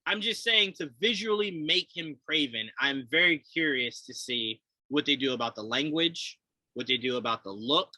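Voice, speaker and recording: A man co-hosting a casual movie chat, animated, swearing and acting out quotes with laughter. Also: fairly high pitch, moderate pace, dry recording, rough recording. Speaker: podcast co-host.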